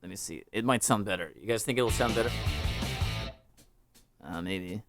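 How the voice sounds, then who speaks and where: A man's voice: fairly low pitch, normal speed. Rambling man hosting a live music stream. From United States. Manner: rambling, self-interrupting, joking. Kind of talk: casual chat with live chat viewers.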